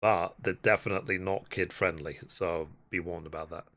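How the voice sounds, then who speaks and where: A man's voice: deep voice, normal speed. A man hosting a reaction video, chatting casually to viewers between clips. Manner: relaxed, conversational asides to viewers. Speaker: reaction channel host.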